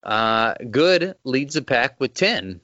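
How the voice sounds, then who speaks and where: A man's voice: mid-range voice, sing-song, slow, bright, forceful tone, dry recording. A man with a Texas accent hosting a podcast, chatting casually, laughing often and swearing freely. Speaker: podcast host. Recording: dull lo-fi sound.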